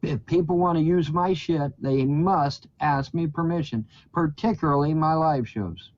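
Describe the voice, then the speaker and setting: A man's voice: on the high side, a little slow, darkish tone. A man in a rambling, indignant monologue to camera, swearing freely and often repeating himself and starting over. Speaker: YouTuber. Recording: dull lo-fi recording.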